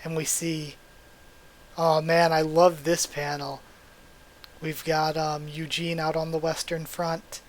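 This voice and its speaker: Young male reaction host, slightly high voice, reads aloud with eager outbursts. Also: unhurried. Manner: reads aloud, breaks in with excited exclamations. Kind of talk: live reading and reaction.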